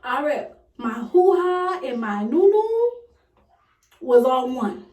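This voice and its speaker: Animated young woman telling a story, echoey. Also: high voice, slow, background noise. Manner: animated, dramatic retelling with loud acted quotes. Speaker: vlogger. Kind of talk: casual storytime. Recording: echoey room, voice a bit far from mic.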